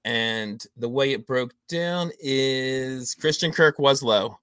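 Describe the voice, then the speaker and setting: A man's voice: medium pitch, slow, fairly bright tone, clean tone, no echo. A man hosting a fantasy football trade quiz on a casual podcast, reading out values and laughing often. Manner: reads out numbers, laughs often. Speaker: host running a trade quiz.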